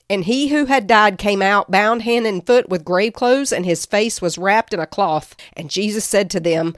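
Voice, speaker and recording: A woman's voice: mid-range voice, animated, a little slow, few pauses, no echo, studio quality. A woman giving a devotional teaching, earnestly reading and explaining scripture passages. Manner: earnest, reads scripture aloud with emphasis. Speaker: podcast teacher.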